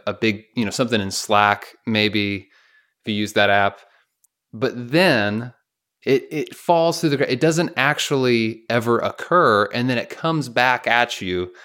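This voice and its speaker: A man's voice: lowish voice, a bit bright. A man co-hosting a podcast in casual chat, joking and self-deprecating, acting out little everyday scenes as he talks. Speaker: podcast co-host.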